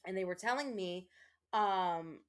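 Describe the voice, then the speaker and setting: In this casual livestream, a gamer woman with a mid-range voice talks at a measured pace, rambling and restarting often amid many fillers. Her thanks to viewers come out emotional as she tears up.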